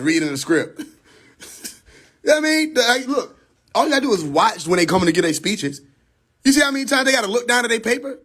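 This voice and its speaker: A man rants casually on a livestream, swearing freely and laughing through his points. His voice sits high for a man. It sounds picked up on a phone. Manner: profane, laughs often, animated. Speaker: livestream host.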